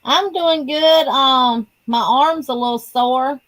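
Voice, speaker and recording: A woman guest on a video call who talks in a plain, unhurried, matter-of-fact way. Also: sits high, a bit bright, no room sound, poor audio. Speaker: livestream guest. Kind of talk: casual video call chat.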